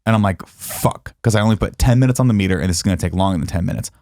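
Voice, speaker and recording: Fast-talking man telling a rant story. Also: lowish voice. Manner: profane, animated, acts out his own ranting. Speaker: podcast co-host. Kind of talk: casual storytelling chat. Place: studio.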